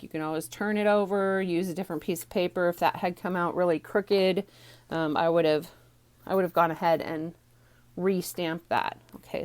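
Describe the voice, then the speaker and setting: A woman teaching a stamping card class from home, chatty and rambling with many ums, a little out of breath, recorded on a phone on a small tripod. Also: fairly low pitch. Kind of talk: casual craft tutorial.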